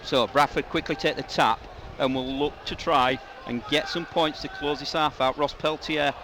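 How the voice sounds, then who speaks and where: A man giving live radio commentary on a rugby league match, his voice rising into shouts on attacking plays. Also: fairly high pitch, steady tone, moderate pace. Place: stadium commentary position. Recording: outdoor stadium with loud crowd and noise.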